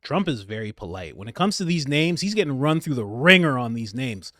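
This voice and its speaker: A man hosting a commentary channel, reacting to a clip in a sarcastic, animated way that swings between mutters and outbursts. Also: medium pitch, fairly quick.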